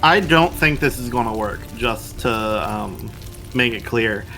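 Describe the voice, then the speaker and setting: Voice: medium pitch, expressive, unhurried, sharp tone, soft background music. A player in a tabletop game, speaking playfully and laughing often. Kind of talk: casual tabletop play.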